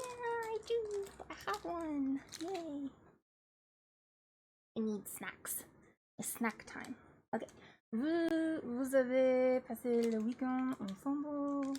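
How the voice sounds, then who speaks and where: A woman chatting casually on a live stream as she learns French, playful and giggly, slowly sounding out French phrases. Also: sits high, warm tone, slight background noise.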